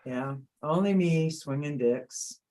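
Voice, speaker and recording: A woman's voice: deep voice, slow pace, dark tone. A middle-aged woman, a guest on a chat panel, telling candid rambling stories and laughing often. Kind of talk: casual storytelling chat.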